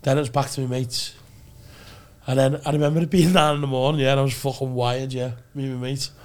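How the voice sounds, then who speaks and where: A man's voice: medium pitch, flat delivery, fast talker, a little mellow. A man with a Scouse accent, telling long rambling stories in casual chat with lots of swearing and restarts. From Liverpool, England. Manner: rambling storytelling, heavy swearing, many restarts. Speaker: podcast guest.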